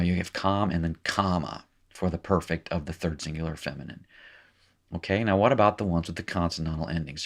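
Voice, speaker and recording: A man teaching a recorded lesson in a casual way, thinking aloud with fillers and small self-corrections. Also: low-pitched. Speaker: language teacher. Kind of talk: recorded lecture at a whiteboard.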